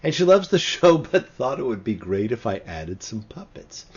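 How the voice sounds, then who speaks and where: A man's voice: mid-range voice, very animated, normal speed, slightly rough, lo-fi sound. A man, a rabbi, giving a sermon-style talk on his show, reading scripture with dramatic, emphatic swings.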